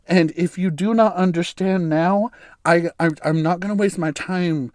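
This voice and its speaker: A man hosting a solo podcast speaks his mind in a candid, blunt monologue, swearing freely and breaking into laughter. His voice sits somewhat high for a man. The sound is dry and close, with no room echo. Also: measured pace. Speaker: podcast host.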